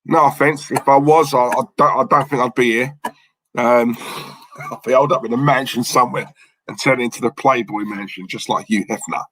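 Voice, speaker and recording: A man's voice: mid-range voice, moderate pace, fairly bright tone, rough recording. A young man with a London accent hosting a football watchalong stream, chatting casually and rambling while reading out chat messages. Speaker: watchalong host.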